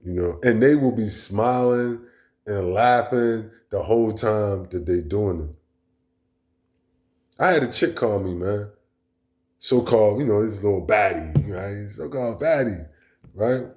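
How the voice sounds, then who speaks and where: A man's voice: lowish voice, measured pace, a little mellow. A man delivering a blunt, profane, rambling monologue as a vlog host. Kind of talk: casual monologue rant.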